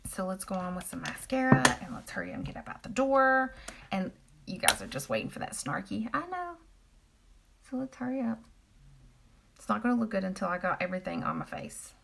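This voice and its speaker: A woman's voice: medium pitch, very animated, brisk, vocal fry, fairly bright tone, a little hiss or hum. A woman chatting casually with viewers on a live stream while she applies makeup and talks about the products. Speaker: makeup seller doing a live demo.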